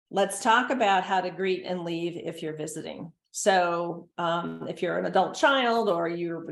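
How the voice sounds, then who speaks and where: A woman's voice: on the low side, echoey room. A middle-aged woman giving a recorded presentation to caregivers, talking in a conversational, earnest way. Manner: conversational, earnest, acts out gentle quoted lines. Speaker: dementia care consultant and presenter.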